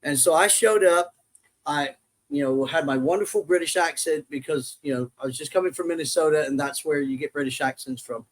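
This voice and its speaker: A man's voice: fairly high pitch, brisk, rough recording. A middle-aged man telling jokey, rambling stories as a podcast guest who works in construction safety, acting out the voices he quotes. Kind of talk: casual storytelling chat.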